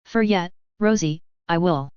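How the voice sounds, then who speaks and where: Casting: gruff suspicious werewolf man voiced by a woman, growled clipped speech, dull dry audiobook sound. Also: on the low side, measured pace, no echo, close to an everyday voice. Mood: gentle. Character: gruff protective male werewolf, rough and suspicious.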